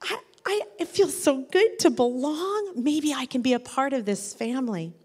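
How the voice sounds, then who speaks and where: A sweet, timid little kitten speaks in a high, soft voice, as a woman storyteller puts him on. The voice trails off into a long hall reverb. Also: animated, normal speed, slightly rough. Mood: wondering. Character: small gentle hungry male kitten.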